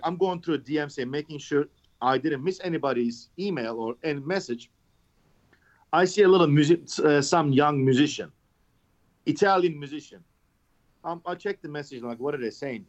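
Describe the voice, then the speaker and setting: Male podcast guest, fairly high voice, lively anecdotes with cursing, slightly muffled lo-fi sound. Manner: animated storytelling, swears, mimics messages. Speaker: podcast guest, knife maker. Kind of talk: casual chat.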